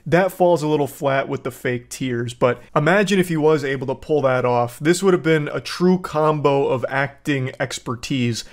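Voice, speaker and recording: A man hosting reaction commentary, heaping deadpan, profane mock praise. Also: medium pitch, moderate pace, hardly any pauses. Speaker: commentary host.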